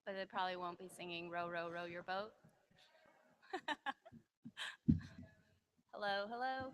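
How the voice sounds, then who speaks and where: A woman's voice: lowish voice, unhurried, pauses often, fairly bright tone, a little hiss or hum, poor audio. A woman doing a casual sound check, repeating test phrases and asking whether she can be heard.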